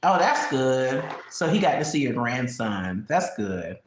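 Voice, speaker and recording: A woman's voice: a bass voice, very animated, a little slow, a little hiss or hum. Chatty woman in a very echoey room. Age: 30s. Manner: chatty and candid, laughing often, snacking while talking. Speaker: live stream host. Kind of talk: casual live-stream chat.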